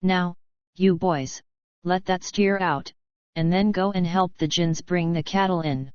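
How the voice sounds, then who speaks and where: A woman's voice: on the low side, a little slow, darkish tone, clear, resonant tone, no room sound, highs cut off, lightly acted. A woman reading the lines of a brusque, bossy older male bush cattleman, broke and blustering, in a storybook. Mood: gruff.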